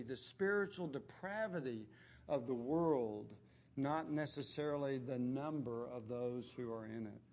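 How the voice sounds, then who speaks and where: A man preaching a sermon, emphatic, dropping his voice low and quiet on key words and often clearing his throat.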